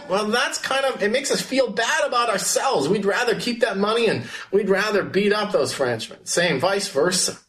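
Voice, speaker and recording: A man's voice: high voice, normal speed, a bit bright. A man teaching a class, asking questions and calling on students by name. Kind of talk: classroom history lesson.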